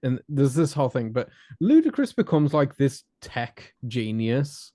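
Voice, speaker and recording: A man guesting on a film podcast, talking in a loose, rambling way that is full of filler words. He speaks in a mid-pitched voice, and the sound is dry and close to the mic, with no room around it. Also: unhurried, no echo. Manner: animated, rambling with many "like"s. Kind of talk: casual film discussion.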